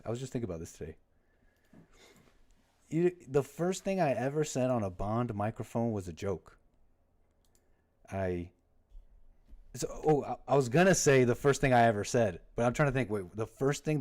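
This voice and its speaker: A man's voice: mid-range voice, a little mellow. Rambling man chatting on a livestream. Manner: rambling, self-interrupting, jokey. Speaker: livestream host. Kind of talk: casual livestream chat.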